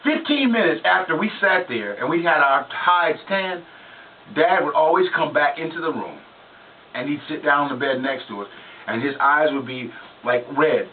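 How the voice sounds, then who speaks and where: A man's voice: fairly high pitch, lively intonation, moderate pace, far from the mic. A man hosting a radio talk show, preaching to parents and telling stories about his own childhood in an emphatic way. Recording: lo-fi phone-like line with hiss, off-mic.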